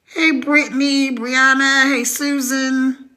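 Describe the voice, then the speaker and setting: A chatty woman hosts a casual live stream, speaking in a slightly higher than usual voice. She talks in an animated way, tells stories with bursts of laughter and greets viewers by name. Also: takes it slowly.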